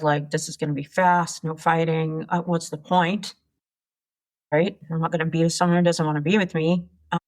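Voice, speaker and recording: A woman in her sixties, an entrepreneur guest, telling her life story frankly and with animation in an interview. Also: fairly low pitch. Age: 60s. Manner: frank, animated, swears casually.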